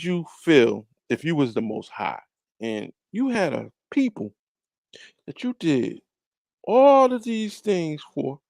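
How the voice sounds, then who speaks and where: A man leading a casual scripture discussion, moving from loud emphatic verse reading to low, slangy asides and repeating words for emphasis. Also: sing-song, takes it slowly, gravelly, no echo. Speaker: podcast co-host leading a scripture study.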